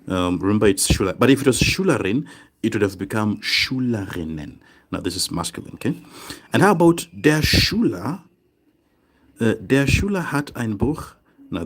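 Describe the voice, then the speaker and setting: A man teaching a German grammar lesson online, speaking deliberately, repeating phrases and checking in with "okay?" and "right?". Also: fairly low pitch. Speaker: German tutor.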